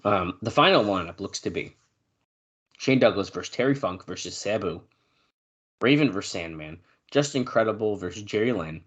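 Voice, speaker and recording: A man co-hosting a podcast in casual chat, reading news notes aloud with fillers and now and then clearing his throat. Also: deep voice, moderate pace, a bit bright. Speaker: podcast co-host.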